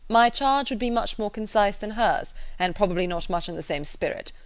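A woman reading the part of a blunt, practical married gentleman who talks in a firm, lecturing way. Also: mid-range voice, lively intonation, a little fast, no echo, lightly acted.

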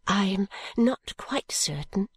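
A woman's voice: mid-range voice, a little slow, slightly rough, no echo. A woman reading as a bashful young girl in love. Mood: tender. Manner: soft and bashful, often whispery.

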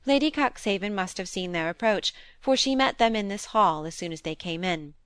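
Female audiobook reader, steady measured narration, mid pitch, dry sound. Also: clear, resonant tone, no room sound. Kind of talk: scripted narration of a classic novel.

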